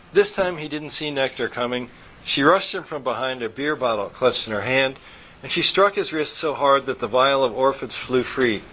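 A man reading a science-fiction story aloud in steady, even narration. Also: medium pitch, a little hiss or hum, poor audio. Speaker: audiobook narrator.

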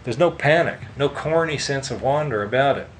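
A man's voice: medium pitch, moderate pace, slight background noise, natural voice, rough recording. A man voicing a wry, dreamy man who muses aloud in a raised, emphatic way. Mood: musing.

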